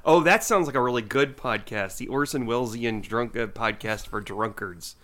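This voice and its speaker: A man's voice: medium pitch, moderate pace, a bit bright. A man co-hosting a podcast in casual chat, teasing and joking with his co-host. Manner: teasing, playful, keeps joking and apologizing.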